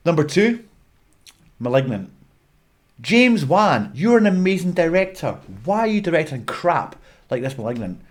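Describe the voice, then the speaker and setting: A Scottish man ranting bluntly in a film review vlog, swearing and exasperated. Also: mid-range voice. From Scotland. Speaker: movie reviewer.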